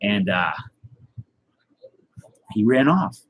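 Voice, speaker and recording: A man telling a tall tale in a rambling, deadpan way, with many fillers and restarts. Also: on the low side, extremely slow, low-quality recording. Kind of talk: casual tall-tale storytelling.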